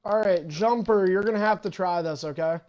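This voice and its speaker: Profane, impatient high-voiced young man. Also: fairly quick, a little mellow, muffled recording. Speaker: online wrestling league host. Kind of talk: casual livestream talk while setting up matches.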